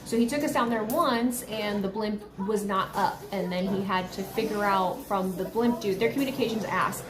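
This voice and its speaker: A woman hosting a live watchalong stream, talking casually and rambling with lots of fillers, her voice a bit hoarse. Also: mid-range voice, normal speed, roomy sound. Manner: chatty, rambling, heavy use of "like". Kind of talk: live casual reaction chat.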